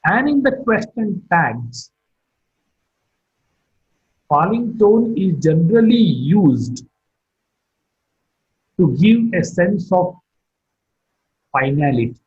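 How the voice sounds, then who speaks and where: A middle-aged man giving a recorded phonetics lecture, speaking in a slow, deliberate teaching manner and carefully modeling example sentences. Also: high-pitched, very animated, darkish tone, breathy edge, highs cut off. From India.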